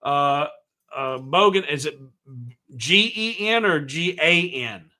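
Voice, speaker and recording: A man's voice: a little high, animated, slow pace, sharp tone. A man with a Southern US accent hosting a casual woodworking livestream, talking in a rambling, friendly way with many restarts. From American South. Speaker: livestream host.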